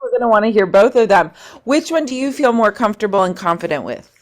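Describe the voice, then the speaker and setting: A woman's voice: mid-range voice, expressive, fast talker. A woman coaching a singing workshop online, chatty and encouraging. She sounds upbeat as she talks students through their voices. Heard over a video call.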